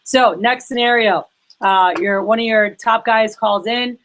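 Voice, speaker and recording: A woman's voice: a little high, unhurried, fairly bright tone, slight background noise, rough recording. A woman leading a sales training workshop, talking casually and acting out phone calls with her reps. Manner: chatty, acts out phone calls in quoted voices.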